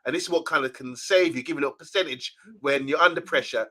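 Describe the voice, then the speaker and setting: Bright-voiced man chatting on a livestream. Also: fairly high pitch, quick pace. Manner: chatty, reads out viewer comments. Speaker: co-host of a fan channel live show. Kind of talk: casual live-stream chat.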